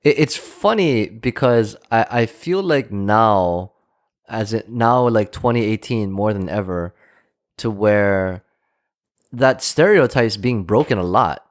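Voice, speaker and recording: A man's voice: on the low side, lively intonation, slow pace. A man co-hosting a podcast, speaking thoughtfully and tentatively in a casual chat. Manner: thoughtful and tentative, searching for words. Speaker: podcast co-host.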